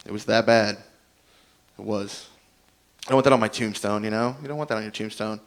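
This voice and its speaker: A man's voice: fairly low pitch, steady tone, a little fast, pauses often. Man doing a rambling stand-up set. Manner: rambling, self-deprecating storytelling that acts out both sides of each exchange. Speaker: stand-up comedian.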